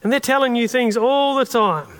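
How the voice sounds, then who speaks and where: High-voiced Australian preacher in a reverberant hall. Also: male voice, normal speed, fairly bright tone, clean tone. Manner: earnest, conversational preaching. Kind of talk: sermon.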